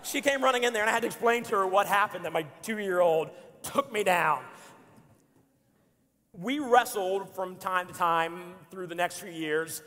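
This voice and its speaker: Bright-voiced joking man in a reverberant hall. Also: sits high, normal speed. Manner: animated, joking storyteller. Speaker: speaker. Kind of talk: storytelling sermon. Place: church auditorium. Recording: long hall reverb in a church.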